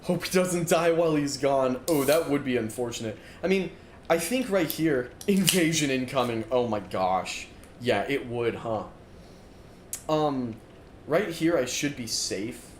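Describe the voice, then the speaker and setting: Standing in a dorm-style room, a young adult man chats loosely through a game stream, reading chat out loud and filling his talk with fillers. He speaks at medium pitch, expressively and without hurry, captured with roomy echo and a faint background of room noise.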